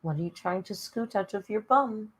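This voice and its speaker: A woman's voice: mid-range voice, normal speed, low-quality recording. A woman hosting a casual live stream, chatting to viewers and cooing at her cat. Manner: chatty, coos baby talk to her cat.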